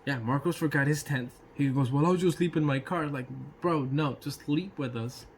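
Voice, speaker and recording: A man telling a casual personal anecdote in an animated way, swearing freely and throwing in sound effects. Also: on the high side, normal speed, slight background noise. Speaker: storyteller.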